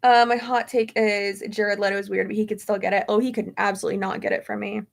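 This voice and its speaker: Talking fast with vocal fry and a flat mid-range pitch, a young woman fields viewer questions in a casual chat. She rambles, drifting into tangents and using many fillers.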